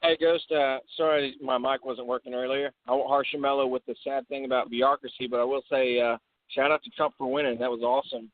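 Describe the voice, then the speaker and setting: A man's voice: medium pitch, steady tone, brisk, no room sound. A man calling in to a radio show, apologetic and a little hesitant. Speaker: caller. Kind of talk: call-in radio chat. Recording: dry tinny phone line.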